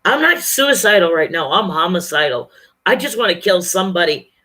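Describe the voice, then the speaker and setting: A bright, forceful voice at an ordinary pitch rambles into a camera at home. The talk is loose and unscripted, with restarts and blunt profanity. It is a casual livestream chat aimed straight at the viewers. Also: big pitch swings, a little fast. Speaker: livestreaming vlogger. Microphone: camera or webcam, talking to viewers.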